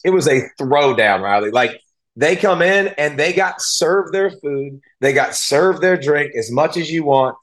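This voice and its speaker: A man speaks as an interview guest, his voice sitting a little high for a man. He tells his story earnestly and with feeling, restarting sentences as he goes. He sounds close to tears at times but keeps going. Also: animated, a little slow, a bit bright. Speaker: guest, former football player and analyst. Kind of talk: casual interview talk.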